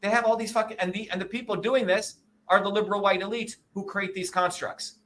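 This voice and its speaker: This is a man in his sixties speaking as an interview guest, his voice pitched high with a bright, forceful edge. He argues hard, swears freely and keeps asking whether the listener follows him. A faint hiss of background noise sits under the recording. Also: fairly even intonation, a little fast. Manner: profane, emphatic, indignant, keeps checking with "okay?" and "you see?". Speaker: interview guest, presidential candidate. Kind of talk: combative interview talk.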